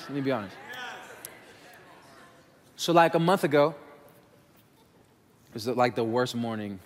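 A pastor in his thirties preaches a candid, conversational sermon, addressing his congregation directly as "y'all" through a stage mic in a church sanctuary. His voice is mid-range, with slight background noise and the long reverb of a large hall.

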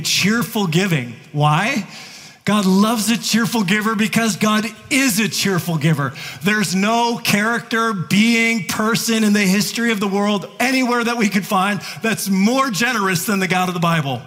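A man's voice: high voice, fairly bright tone. A man preaching a sermon to his congregation, talking in a playful, conversational way and chuckling between points. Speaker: pastor. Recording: long reverb of a large hall.

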